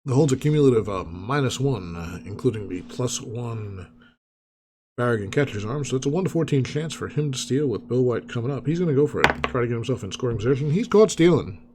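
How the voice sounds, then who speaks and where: Relaxed man calling a dice baseball game. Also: medium pitch, brisk, crowd noise. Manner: relaxed, chatty asides mixed with play calls. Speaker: tabletop baseball replay host.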